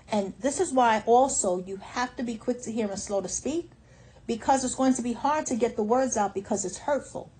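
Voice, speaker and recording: A woman's voice: mid-range voice, warm tone, rough recording. A woman life coach giving motivational advice in a firm, emphatic way, often repeating her instructions.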